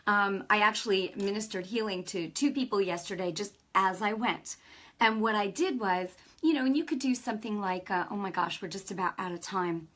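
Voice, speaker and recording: A woman's voice: medium pitch, normal speed, a bit bright. A woman preacher hosting her own broadcast, talking informally and enthusiastically, telling stories and acting out the dialogue. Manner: enthusiastic, chatty, acts out quoted dialogue.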